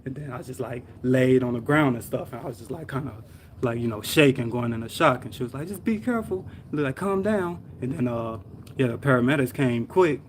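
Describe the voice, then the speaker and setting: A man's voice: medium pitch, fairly even intonation, fairly quick, slight background noise. A young man on a live stream, telling a story in a rambling, slangy way, full of sound words and fillers. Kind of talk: casual storytelling vent. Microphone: live stream mic.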